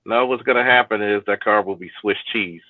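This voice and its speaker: A man's voice: fairly low pitch, a little fast, no echo, phone-quality sound. A man hosting a casual chat, swearing freely, laughing and restarting his sentences. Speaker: host.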